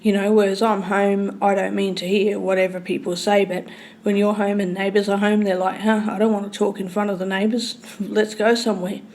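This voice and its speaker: A woman telling a long, rambling story in casual speech, swearing freely and swinging between loud and hushed. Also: medium pitch, level tone, a little fast, slight background noise.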